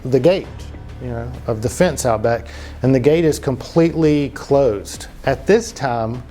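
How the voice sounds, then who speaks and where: A man's voice: medium pitch, a little slow, mellow, faint music behind. A man hosting a comedic true-crime podcast, telling the story in a loose, profane way full of fillers and asides. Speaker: podcast host.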